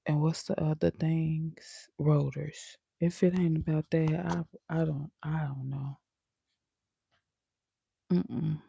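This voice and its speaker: Gravelly-voiced woman chatting casually. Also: low-pitched, fairly even intonation, slow, long pauses, warm tone, no echo, clean studio sound. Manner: chatty, sassy, laughing asides. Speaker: vlogger. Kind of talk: casual live-stream chat.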